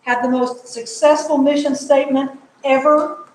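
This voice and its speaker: A woman serving as junior warden, giving a brisk, joking report at a church meeting. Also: high voice, little pitch movement, darkish tone. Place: church hall. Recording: echoey hall, noisy.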